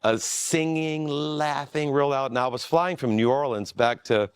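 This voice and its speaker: A man who is a pastor, telling a story in a relaxed, self-deprecating way with frequent restarts. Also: mid-range voice, a little slow, clear, resonant tone, dry recording, clean studio sound. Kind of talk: storytelling in a conversation.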